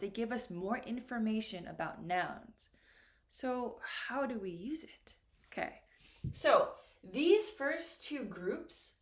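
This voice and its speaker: A woman teaching English at a board, speaking slowly and deliberately, often checking in with "right?" and "okay?". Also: a little high, fairly bright tone, a little hiss or hum. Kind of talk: classroom grammar lesson at a board. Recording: echoey room.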